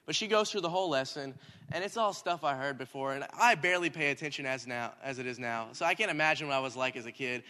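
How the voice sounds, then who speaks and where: A young man, a minister, telling a story in a lively sermon and rising to shouts at times. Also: medium pitch, fast talker. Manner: animated, talks in circles, rising to shouts. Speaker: youth minister. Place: church hall. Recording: hall reverb.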